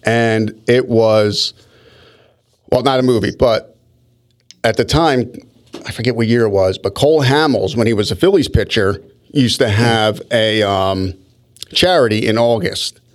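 Speaking low and unhurried, this man tells meandering stories during a relaxed podcast conversation. He's lively in the telling and frequently starts his sentences over.

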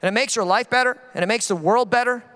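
A man's voice: very high voice, fast talker, bright, forceful tone, smooth, big-room sound. A man, a pastor, preaching a sermon with passionate emphasis and acting out the voices he quotes.

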